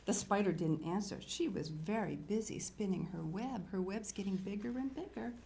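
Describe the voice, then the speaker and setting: An older woman hosting a children's show, reading a picture book aloud and chatting warmly to young viewers. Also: mid-range voice, normal speed, creaky, slight background noise. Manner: animated, storytelling, talks to young viewers. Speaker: children's TV host.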